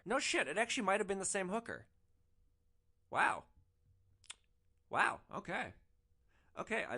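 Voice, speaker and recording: A man hosting a storytelling podcast, animated and excitable, swearing casually as he recounts his stories. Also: medium pitch. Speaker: podcast host, rideshare driver.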